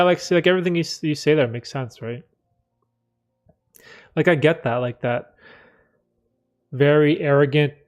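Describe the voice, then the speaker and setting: A man hosting a live stream, chatting candidly in a rambling, reflective way with many fillers, often clearing his throat. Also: mid-range voice, darkish tone. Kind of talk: casual live stream chat, reading chat.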